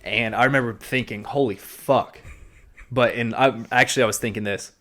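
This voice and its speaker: A man's voice: mid-range voice, quick pace. A man co-hosting a podcast, telling a story casually and animatedly, swearing and acting out what he said. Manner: animated, swearing, acts out his own past lines. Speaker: podcast co-host.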